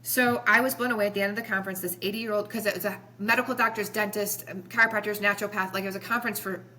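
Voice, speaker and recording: A chiropractor in her forties, guesting on a podcast, tells emotional stories in an earnest, passionate, rambling way. Her mid-range voice races along with fairly even intonation and sounds pushed and bright.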